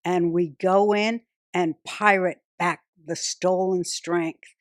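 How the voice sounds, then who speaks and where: A woman's voice: on the low side, fairly even intonation, takes it slowly, dry recording, studio quality. A woman hosting a podcast in casual chat, blunt and profane, cutting in often. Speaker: podcast host.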